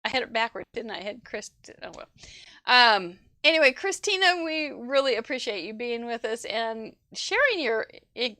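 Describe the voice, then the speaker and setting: A woman's voice: fairly high pitch, very animated, normal speed, bright, forceful tone, dry recording. A woman hosting a live crafting show, chatting effusively and rambling as she shows off viewers' cards, laughing often. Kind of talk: live-stream casual chat, showing viewer cards.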